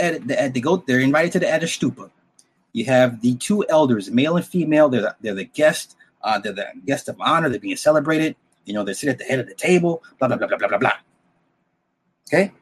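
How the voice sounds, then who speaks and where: A man's voice: medium pitch, slightly rough. A man recapping a film's plot in a loose, rambling way, blunt and profane, with frequent restarts and asides to the listener. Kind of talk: casual spoken story recap.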